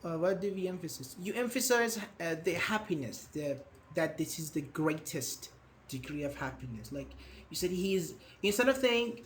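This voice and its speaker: A fairly high-voiced man teaches an online grammar class and patiently walks his students through examples. He praises their answers as he goes, with a faint hiss of noise behind him. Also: animated, moderate pace. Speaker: English teacher.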